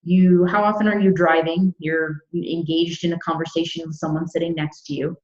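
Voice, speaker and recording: A woman's voice: low-pitched, flat delivery, moderate pace, darkish tone. A woman teaching meditation in a live talk, emphatic and repeating her key phrases over a video call. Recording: echoey, dull lo-fi sound.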